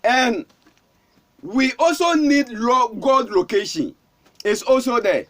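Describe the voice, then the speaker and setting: A man with a Ghanaian accent preaching with fervour. His voice sits very high and swings widely up and down as he repeats himself and calls out. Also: animated, slow, a bit bright. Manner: fervent, repetitive calling out. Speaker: pastor. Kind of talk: sermon.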